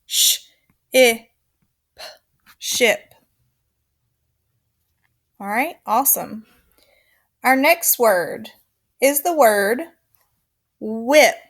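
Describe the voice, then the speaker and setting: A woman teacher giving a recorded phonics lesson to young children, slow and clear, encouraging, with counted call-and-response. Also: on the high side.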